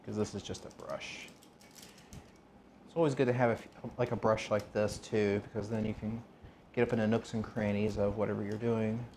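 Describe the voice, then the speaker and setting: Cooking in his kitchen, a man streams live, chatting with viewers, asking them questions and rambling as he works. His lowish voice is flat and a little mellow at normal speed, with slight background noise.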